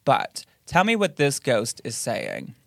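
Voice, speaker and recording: Slow-talking podcast host, bouncy pitch, dry close sound, jokey quizzing. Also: huge pitch swings, gravelly, no room sound. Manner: playful, giggly, quizzing the co-host. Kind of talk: casual chat.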